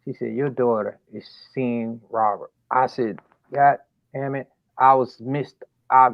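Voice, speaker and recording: Gravelly man telling a story animatedly. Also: mid-range voice, slow pace, long pauses, no room sound, lo-fi sound. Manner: animated retelling that acts out dialogue, voice rising sharply in disbelief. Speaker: father telling his story. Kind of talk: emotional storytelling interview.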